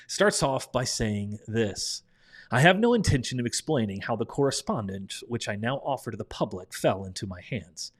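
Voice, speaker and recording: A man's voice: medium pitch, animated, moderate pace. A young man with a Midwestern American accent, teaching a live-streamed Bible study in a chatty, upbeat way with frequent ums and uhs.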